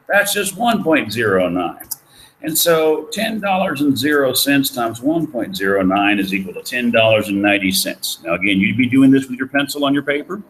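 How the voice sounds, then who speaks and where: A man's voice: medium pitch, a bit bright, slight background noise, low-quality recording. A man giving a recorded economics lecture, folksy and jokey, asking the class questions as he works through problems. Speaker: economics professor.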